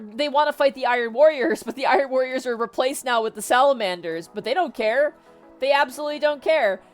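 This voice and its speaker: A woman vtuber retelling a story in a casual, excitable, slangy way, chatting to her viewers. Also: sits high.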